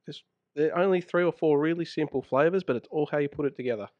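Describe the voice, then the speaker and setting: A man's voice: a little high, fast talker, a little mellow, no echo, lo-fi sound. A man, a guest cook on a podcast, talking about food in an easygoing way and laughing easily. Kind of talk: casual chat. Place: makeshift home podcast studio.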